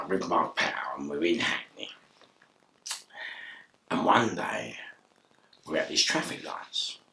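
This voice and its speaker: A man with a London accent telling an excitable, animated story, laughing and shouting as he goes. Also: low voice, roomy sound, far from the mic. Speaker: interview guest.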